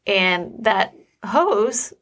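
A woman co-hosting a casual podcast, telling a family story in an amused, unhurried way. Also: mid-range voice, expressive, a bit bright. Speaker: podcast co-host, parent. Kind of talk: casual chat.

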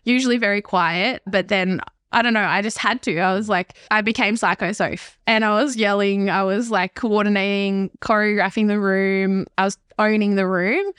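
A young woman, a podcast guest telling a candid, animated personal story. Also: medium pitch, normal speed, few pauses, clean tone, no echo, studio quality. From Australia.

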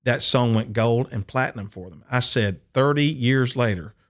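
Animated man telling a story. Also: medium pitch, moderate pace. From Upper Cumberland, Tennessee. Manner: animated storyteller acting out quotes. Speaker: country and bluegrass singer, guest. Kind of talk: storytelling interview.

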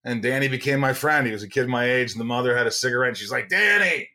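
A man raised in Indiana, a podcast guest telling lively personal stories in casual chat and acting out the voices of the people in them. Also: medium pitch, rapid-fire. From United States, raised in Indiana. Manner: animated storyteller, acts out voices in his anecdotes.

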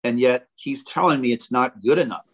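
An older man, a former ballplayer, telling animated stories as a podcast guest and acting out the quotes. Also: medium pitch, moderate pace, rough recording. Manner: animated, jokey storyteller who acts out quotes. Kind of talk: casual storytelling.

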